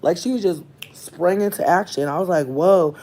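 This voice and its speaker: A vlogger ranting casually to camera at home, swearing constantly and telling a story with big swings from muttering to loud bursts. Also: mid-range voice, brisk. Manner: profane, heavy swearing. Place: indoors, at home near a window.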